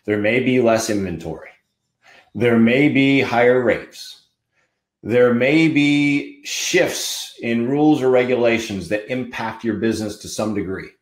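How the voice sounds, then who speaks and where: A man's voice: medium pitch, measured pace. Fired-up man preaching motivation, roomy echo. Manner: fired-up, emphatic, punchy repetition. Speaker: podcast host. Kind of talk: motivational monologue.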